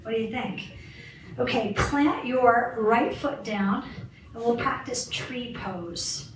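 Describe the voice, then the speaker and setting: A woman fitness instructor leads a guided balance and stretching class, encouragingly cueing moves and counting reps. Her voice is on the high side and she takes it slowly. The recording is roomy and far from the mic, with faint background hiss.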